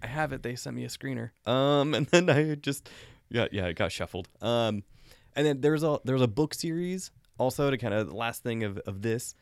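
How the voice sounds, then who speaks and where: Male podcast co-host, amused and animated, mid-pitched, dry recording. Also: moderate pace, clean tone, no echo. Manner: animated, laughing, amused asides. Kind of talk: casual film chat.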